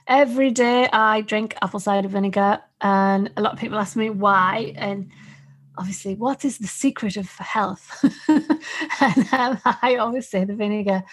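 Husky woman in her fifties. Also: mid-range voice. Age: 50s. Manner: chatty storyteller, laughs often. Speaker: podcast host. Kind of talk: casual podcast chat.

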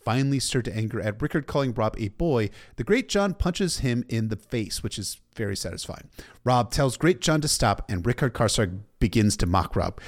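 A man's voice: medium pitch, lively intonation, moderate pace. A man recapping a story in a casual, irreverent way, cursing freely. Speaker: book recap narrator.

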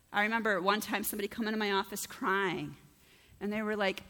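A woman's voice: medium pitch, fast talker, a bit bright. A woman pastor giving a conversational sermon, often asking her listeners "right?" as she speaks. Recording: long reverb of a church hall.

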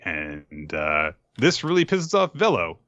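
A man's voice: sits low, wildly swooping pitch, slow, fairly bright tone, no room sound, dull audio. A man animatedly recapping a show in casual chat, laughing often.

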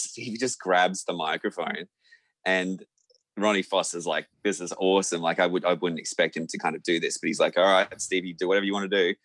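A young Australian man, a musician, telling a lively anecdote in a casual interview, full of fillers and restarts. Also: low-pitched, no room sound. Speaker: musician guest.

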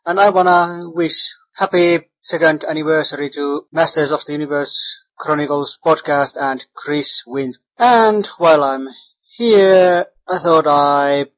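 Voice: medium pitch, fairly even intonation, measured pace, poor audio. A listener giving a scripted, earnest recorded message wishing a podcast a happy anniversary. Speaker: listener sending anniversary wishes.

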